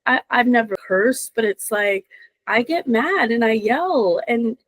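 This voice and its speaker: Woman reader chatting on a podcast, kinda high voice, dry close sound, laughs a lot. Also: unhurried, dry recording, poor audio. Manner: expressive, laughs often, warm encouraging. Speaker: intuitive reader. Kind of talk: casual podcast chat.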